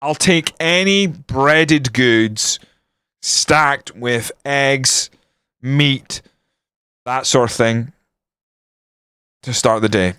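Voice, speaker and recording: Male streamer, foul-mouthed ranting commentary, crisp voice, dead-dry sound. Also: mid-range voice, drawn-out words, long pauses, no echo. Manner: sweary, ranting, swings to excited commentary. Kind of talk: casual game commentary on stream.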